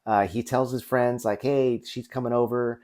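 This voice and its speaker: A man's voice: medium pitch, steady tone, normal speed, darkish tone. A man in his forties hosting a casual, unscripted movie review, rambling with frequent restarts. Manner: rambling, with many restarts and fillers.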